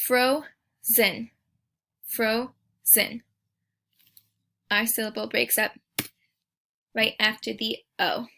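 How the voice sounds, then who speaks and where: A woman teacher giving a recorded spelling lesson, speaking patiently and sounding out each word slowly and clearly. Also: a little high, monotone, bright, forceful tone, a little hiss or hum.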